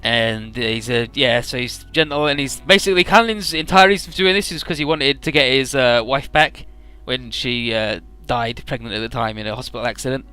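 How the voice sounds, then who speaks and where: A man's voice: mid-range voice, fairly quick, hardly any pauses, sharp tone, clean tone, faint music behind. A man casually retelling a game's story, quoting the characters in his own voice, laid-back and swearing freely. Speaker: let's player summarizing a game story.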